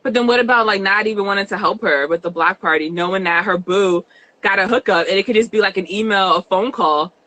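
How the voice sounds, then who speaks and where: Woman co-host chatting, bright punchy voice, laughs a lot, normal pitch. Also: quick pace, low-quality recording. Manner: chatty, laughs often, shrill when quoting. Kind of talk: casual recap chat.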